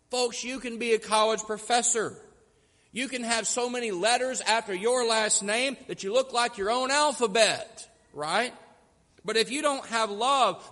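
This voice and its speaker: A man preaching a sermon as pastor, telling stories and slowing down to stress key points. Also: sits high, a bit bright, in a large hall. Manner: storytelling, slows down for emphasis.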